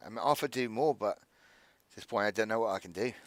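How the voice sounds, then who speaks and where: A man's voice: lowish voice, expressive, moderate pace, no echo. A man narrating as game master of a tabletop game, with a loose, rambling delivery full of "like.".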